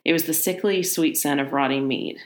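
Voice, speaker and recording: Low-voiced woman reading a horror story. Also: moderate pace, echoey room. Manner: steady narration with casual asides.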